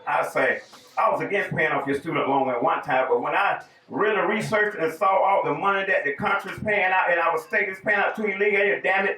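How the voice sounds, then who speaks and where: A man with a Southern US accent delivers a bold, folksy campaign speech with a few jokes. His voice sits fairly high. He is recorded from a distance in an echoey room. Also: pushed and bright. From raised in the American South, born in New York. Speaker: political candidate giving a speech. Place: public event hall.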